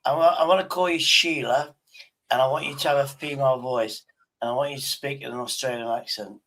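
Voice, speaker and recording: A man's voice: mid-range voice, fairly even intonation, a little fast, fairly bright tone, poor audio. A man hosting a stream, hesitant and teasing, often stopping to restart his sentences. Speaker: streamer host. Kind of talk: casual stream banter.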